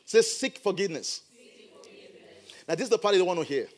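A middle-aged man preaching a sermon as a pastor in church, animated with playful asides. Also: high voice, a little fast.

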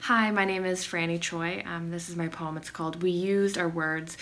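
A woman poet reading her own poem aloud, very slow and deliberate, often dropping into whispers. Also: lowish voice, steady tone, a bit bright.

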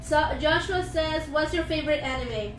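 A woman's voice: high-pitched, animated, moderate pace, recorded from a distance. A woman co-hosting a live drawing stream, giggling as she reads viewer comments aloud. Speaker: co-host reading live comments. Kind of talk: casual live-stream chat. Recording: roomy live-stream audio with music.

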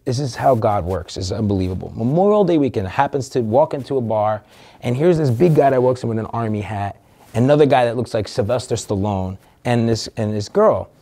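A man's voice: medium pitch, expressive, brisk, dark tone. A man telling a candid personal story as an interview guest, earnest and emotional, swearing casually.

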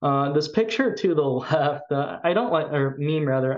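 A man's voice: on the high side, animated, normal speed, highs cut off. A man with a Chicago accent giving a recorded tech talk at a conference, speaking with enthusiasm and frequent fillers.

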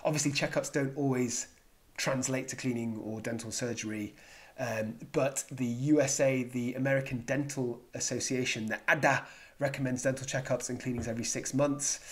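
An English man hosting a jokey explainer vlog as a psychiatrist. He is playful and self-mocking and slips in dad jokes. His pitch sits in the middle range for a man. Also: steady tone, normal speed. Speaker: psychiatrist and video host.

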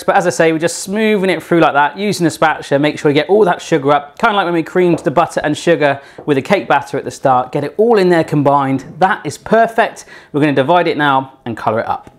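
A man hosting a casual home baking tutorial in his kitchen, chatty and playful with puns and jokes. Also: fairly high pitch. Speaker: self-taught home baker hosting a cooking channel.

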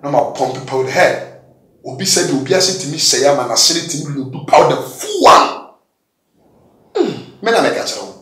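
A man giving a candid testimony in an interview, swinging between loud, emphatic bursts and low mutters. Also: sing-song, moderate pace, pauses often. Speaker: guest giving a confession testimony. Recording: echoey room, distant mic.

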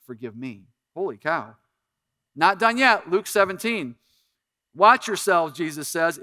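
A middle-aged male pastor preaching a sermon, lively in bursts and dropping to soft, earnest appeals. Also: high voice, smooth, no echo, clean studio sound.

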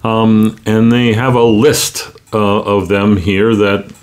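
A man's voice: lowish voice, flat delivery, slow. A man with a New York accent hosting a casual medical news podcast, chatting with jokes and many ums and uhs. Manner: chatty, joking asides, frequent ums and uhs. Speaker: podcast host, rheumatologist.

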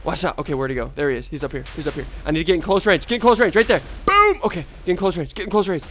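A man with a stuffy, congested voice giving excitable live gameplay commentary as a video host, yelping and trash-talking opponents. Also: a little high, rapid-fire, a little hiss or hum.

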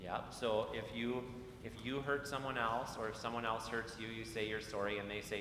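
A man's voice: flat delivery, moderate pace. A man leading a children's message at a church service, talking in a friendly way and asking the children questions. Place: church sanctuary. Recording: echoey church hall, faint rumble.

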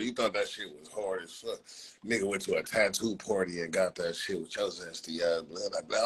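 A low-pitched, husky male voice comes through a rough recording from a phone livestream mic. The host is ranting and roasting people casually, profane and mocking throughout, and he repeatedly drops "blood" as a filler.

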